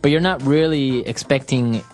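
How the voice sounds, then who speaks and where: Steady man explaining English grammar. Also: mid-range voice, moderate pace. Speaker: co-host teacher.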